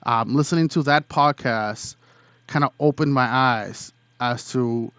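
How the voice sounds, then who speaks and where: A man's voice: medium pitch, unhurried, fairly bright tone, clean tone, dry recording. Hesitant man telling his story, dull dry audio. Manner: hesitant, many fillers and restarts. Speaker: witness recounting an encounter. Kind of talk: casual first-person storytelling.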